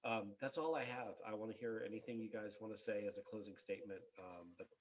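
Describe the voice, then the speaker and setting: Male host, low husky voice, a bit off-mic, halting casual talk. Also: far from the mic, a little hiss or hum, poor audio. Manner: halting, many fillers and restarts. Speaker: podcast host. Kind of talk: casual discussion.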